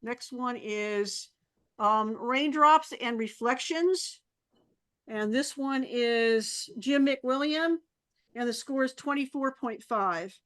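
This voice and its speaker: A woman's voice: on the high side, slow pace, a bit bright. A woman presenting photo entries and scores at a camera club meeting, chatty and laughing easily.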